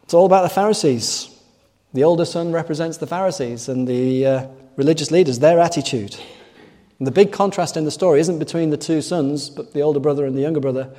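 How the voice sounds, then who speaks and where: Earnest guy preaching a sermon, mellow tone, big echoey church hall. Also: fairly high pitch, fairly quick. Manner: earnest, asks rhetorical tag questions. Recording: long echoing hall reverb.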